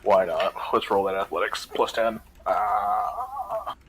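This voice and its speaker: A man at a tabletop game, describing his character's moves in a loose, hesitant ramble. His low voice swings widely in pitch as he talks. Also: huge pitch swings, takes it slowly, noisy background. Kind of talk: casual game chat.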